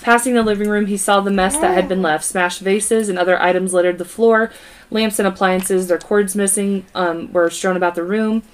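A woman's voice: medium pitch, fairly even intonation, moderate pace. A woman tells a true crime story on a podcast, reading from her notes in a casual, unpolished way with small stumbles and side comments. Her voice sits in a middle range. A faint hiss sits under the recording. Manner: reads from notes with stumbles and asides.

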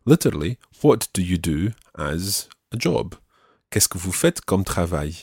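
A man with a very low voice teaches French phrases and repeats each one slowly. The sound is dry and close. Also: very animated, vocal fry, darkish tone, husky, dry recording. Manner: slow careful repetition of phrases. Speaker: language teacher.

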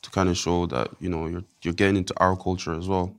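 A man's voice: deep voice, flat delivery, fast talker. A man from Ireland speaking as a guest in a casual interview. He rambles in a laid-back way, with lots of fillers.

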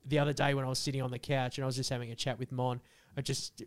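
A man, a podcast co-host telling crude stories in animated, swearing casual chat. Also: mid-range voice, racing.

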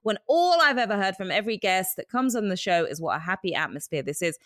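A woman's voice: medium pitch, fast, no room sound, studio quality. Chatty English woman, slight American twang. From England. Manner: chatty, laughs often, animated storytelling. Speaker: podcast co-host reading news. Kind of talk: casual chat.

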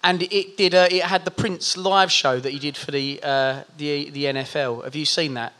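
Bright-voiced joking man, a bit higher. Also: steady tone, normal speed. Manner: joking, laughs often. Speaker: guest. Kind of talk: casual chat.

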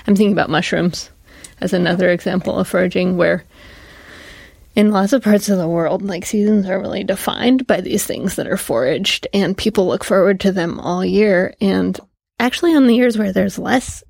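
A woman's voice: medium pitch, moderate pace, creaky, a little mellow, breathy edge, no echo. A woman hosting a casual interview, chatting enthusiastically and asking questions. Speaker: host, interviewer.

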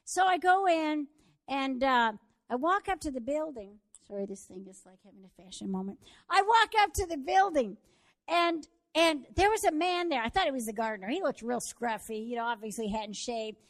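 A woman preaching a sermon, telling a story and building to fervent shouts. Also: sits high, big pitch swings, moderate pace.

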